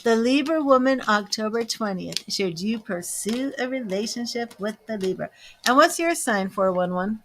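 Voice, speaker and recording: A woman with a slightly high, lively, somewhat bright voice gives live tarot readings, reading viewers' questions, turning cards and calling people by name. She is a psychic who speaks slowly, chattily and with emotion. A little background noise can be heard.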